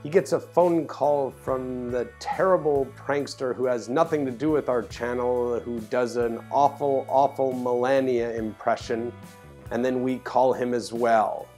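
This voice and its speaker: Brief: male narrator, slow unhurried intros, soft guitar bed. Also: mid-range voice, fairly even intonation. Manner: slow, plain, slightly stumbling delivery. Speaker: show narrator. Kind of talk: introducing clips.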